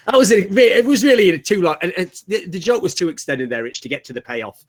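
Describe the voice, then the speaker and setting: A man's voice: high voice, expressive, a little fast, few pauses. A man co-hosting a casual esports podcast, telling a rambling story with self-aware asides. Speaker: podcast co-host, esports commentator.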